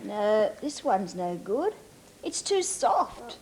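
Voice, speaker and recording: A woman's voice: medium pitch, very animated, slow pace. A woman doing fussy little Goldilocks. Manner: fussy, exclamatory. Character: curious, fussy little girl. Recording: hissy old 1980s TV tape.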